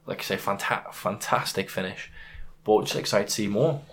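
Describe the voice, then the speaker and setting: A podcast co-host chats casually about MMA and fights, driving his points home emphatically with examples. His voice sits on the low side and sounds a bit bright, at a normal speed.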